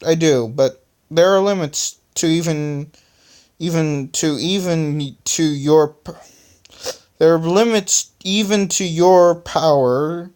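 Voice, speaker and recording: A home reader voicing Electronic, a quippy hero who leads his team, speaking quickly and correcting himself as he goes. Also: mid-range voice, a little mellow, clear, resonant tone, pitched above the performer's own voice, natural voice.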